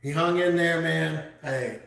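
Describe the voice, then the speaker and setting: A man's voice: on the high side, measured pace, vocal fry, fairly bright tone. A laid-back man joining a casual chat, often saying hey and man. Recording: very echoey, off-mic room.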